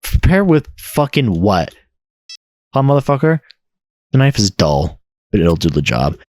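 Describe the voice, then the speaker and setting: A man's voice: medium pitch, sing-song, moderate pace, darkish tone, no echo. A man playing a horror game and mocking it with sarcastic, profane commentary. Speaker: let's play gamer.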